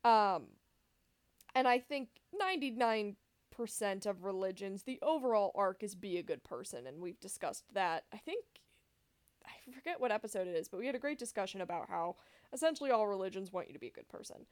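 A woman's voice: mid-range voice, lively intonation, brisk, no room sound. A woman co-hosting a podcast in casual chat, rambling with lots of fillers and self-corrections. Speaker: podcast co-host.

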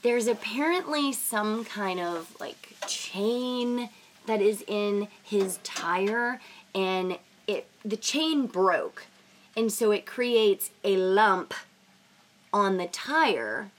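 A woman's voice: mid-range voice, lively intonation, very slow. A young woman with a scratchy voice from a sinus infection, chatting casually as a podcast host and telling stories full of "like" and "you know.".

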